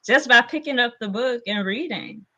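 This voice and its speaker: Bright-voiced woman co-host. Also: a little high, normal speed. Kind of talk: casual conversation.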